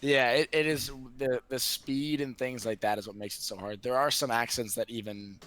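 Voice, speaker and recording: A man's voice: mid-range voice, steady tone, moderate pace, fairly bright tone. A young man from the Boston area with no regional accent, talking casually and self-deprecatingly as an interview guest. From Boston area, United States. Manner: chatty, loose and self-deprecating, many fillers. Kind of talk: casual conversation.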